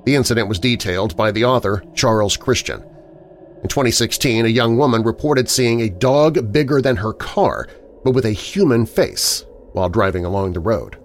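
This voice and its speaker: A man reading a scripted documentary narration in a measured, dramatic storytelling manner. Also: fairly low pitch, expressive, slight background noise.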